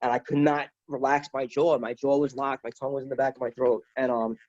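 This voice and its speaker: A man's voice: medium pitch, flat delivery, fairly quick, a little mellow. Man telling a rambling story. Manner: rambling, repeats words and restarts; quotes others with "he's like". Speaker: guest. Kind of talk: casual storytelling. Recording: dull lo-fi sound.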